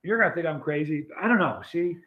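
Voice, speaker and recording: A man's voice: on the high side, expressive, quick pace, lo-fi sound. A man hosting a casual livestream, telling a long rambling story and greeting viewers in the chat. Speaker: host.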